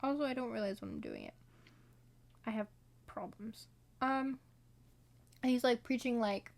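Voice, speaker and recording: Her voice is a little high and creaky, with wildly swooping pitch, normal speed and frequent pauses. As a solo vlogger, this woman reviews a film by casually working through her notes, rambling with lots of fillers and asides and putting on playful accents for quotes.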